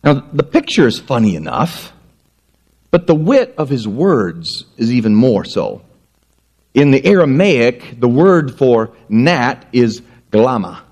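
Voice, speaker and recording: A middle-aged male pastor preaching a sermon, telling stories in an animated way and acting out the voices. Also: slow. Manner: animated storytelling, acting out voices with wide pitch swings.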